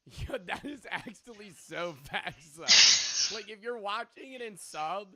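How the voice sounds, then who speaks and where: A man co-hosting in casual chat, with animated, profane banter. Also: high voice, a little slow, over a noisy crowd. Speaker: co-host.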